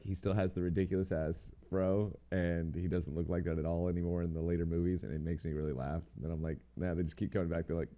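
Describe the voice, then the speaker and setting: A man with a low, mellow voice talks in a rambling, slangy way, tossing in casual swearing as he co-hosts a podcast chat. The recording is a little dull and lo-fi. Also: fast talker, hardly any pauses. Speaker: podcast co-host.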